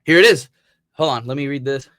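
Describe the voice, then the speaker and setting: A man's voice: mid-range voice, a little fast, sharp tone. A man from Missouri, a podcast host, telling stories in casual chat and swearing freely. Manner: rambling storyteller, swears freely.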